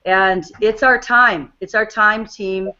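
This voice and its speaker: A woman's voice: medium pitch, steady tone, takes it slowly, bright, forceful tone. Upbeat New England woman hosting a team call, slightly dull sound. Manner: upbeat and encouraging. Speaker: host.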